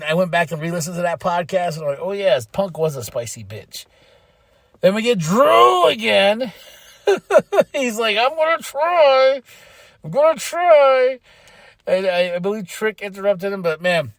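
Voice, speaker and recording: Guy podcast host rambling thru a show recap, kinda high voice, dead dry sound, laughs a lot. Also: no echo. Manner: rambling, excitable, laughs often.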